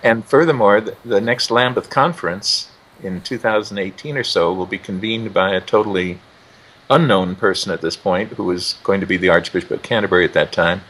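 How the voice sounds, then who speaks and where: A man explaining church news in a measured, explanatory way. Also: deep voice, a bit bright, slightly rough, low-quality recording. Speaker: news commentator. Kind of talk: news analysis.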